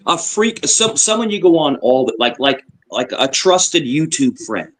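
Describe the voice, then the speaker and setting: A man's voice: a little high, big pitch swings, unhurried, a bit bright, low-quality recording. A man on a live stream chat asking probing questions, often restarting and repeating himself.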